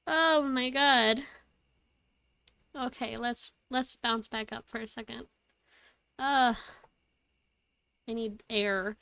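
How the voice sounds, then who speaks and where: A high-voiced woman streamer rambles excitedly in casual chat and swears freely. Her voice is bright and clear, and the room sound is dry with no echo. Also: slow, long pauses. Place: her home.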